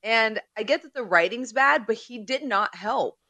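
A blunt, exasperated woman speaks in casual podcast chat. Her voice is slightly high and bright, and the sound is dry. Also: moderate pace, no echo. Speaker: podcast co-host.

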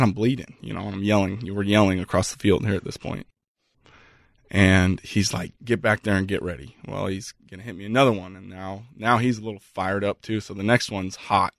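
A man with a lowish voice speaks earnestly and at length, pausing and restarting his sentences as he tells a personal story. The sound is close and dry, with no room around it. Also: creaky, no room sound. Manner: earnest, halting with repeated restarts. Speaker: guest. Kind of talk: reflective storytelling in conversation.

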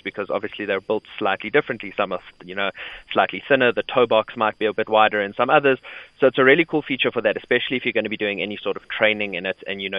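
A man, a tech blogger, explaining at length in a relaxed way on a radio show. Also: on the low side, no echo, dull audio.

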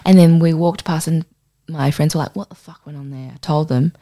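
Low-voiced woman telling crude stories. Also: normal speed. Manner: animated crude storytelling, acts out voices. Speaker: podcast host. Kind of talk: casual chat.

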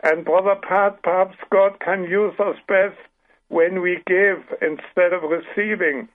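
A man's voice: high voice, steady tone, a little slow. A man in his seventies with a German accent, a guest author speaking earnestly with many restarts in a radio interview. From Britain, raised in Paraguay. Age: 70s. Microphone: telephone. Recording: tinny phone line.

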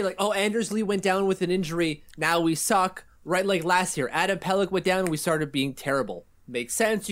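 A man co-hosting a casual sports podcast, animated and joking with his partner. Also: high voice. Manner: animated, jokey, reads ad copy. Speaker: podcast co-host.

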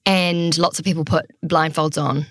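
A woman's voice: sits low, fairly even intonation, moderate pace, dry recording. A young adult woman co-hosting a podcast in casual chat, telling rambling stories and laughing easily. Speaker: podcast co-host.

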